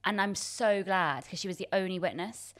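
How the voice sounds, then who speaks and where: Woman, 30s, candid storyteller, self-mocking, laughs easily, mid pitch. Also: normal speed. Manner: self-deprecating, laughs often, many restarts. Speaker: guest. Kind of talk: casual chat.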